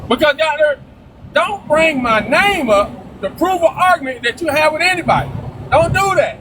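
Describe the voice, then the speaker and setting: A man with a very high-pitched voice argues on a live-stream panel, shouting and swearing, stumbling over repeated words. He keeps cutting across the others. The phone-app audio carries steady background noise. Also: normal speed. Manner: loud, profane and repetitive, talking over others. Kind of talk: heated live-stream argument.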